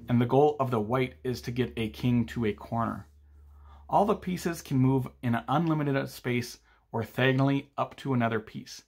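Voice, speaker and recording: Man reading board game reviews. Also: medium pitch. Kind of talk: scripted review narration.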